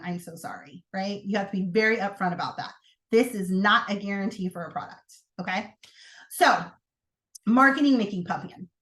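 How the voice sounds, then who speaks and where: A woman leading a sales team training, talking in an energetic, chatty way with sudden excited outbursts. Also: medium pitch. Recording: roomy echo.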